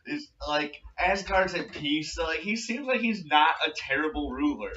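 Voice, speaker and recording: A man's voice: on the high side, lively intonation, moderate pace, sharp tone, distant mic. A young man hosting a casual movie review chat, rambling and swearing as he retells scenes. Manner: rambling, profane, retells scenes with quoted voices. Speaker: podcast host. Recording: lo-fi, roomy, from off-mic.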